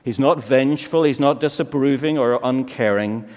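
A man preaching a sermon, slow and emphatic, with many searching rhetorical questions. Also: mid-range voice, a little mellow. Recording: long reverb of a large hall.

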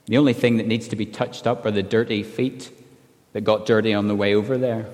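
A man preaching an earnest expository sermon, now and then acting out quoted lines. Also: fairly low pitch. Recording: long hall reverb.

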